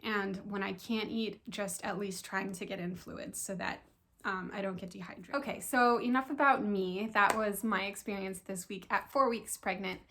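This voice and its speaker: Creaky-voiced young woman chatting excitedly. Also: mid-range voice, normal speed. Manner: chatty and excited, with many fillers. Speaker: vlogger sharing pregnancy update. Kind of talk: casual chat to camera.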